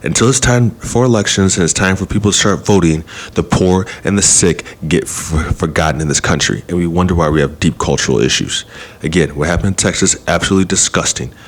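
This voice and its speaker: Male podcast host with a very low voice, fired-up and argumentative monologue. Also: fairly quick. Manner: heated, argumentative, rhetorical questions. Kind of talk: opinion rant.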